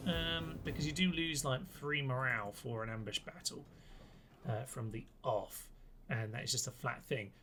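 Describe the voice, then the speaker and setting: A young man talks through a strategy game on a close mic, chatty and wry, as if thinking aloud. His voice is bright and forward. Faint game music runs underneath. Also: on the high side. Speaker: YouTube host. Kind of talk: gameplay commentary.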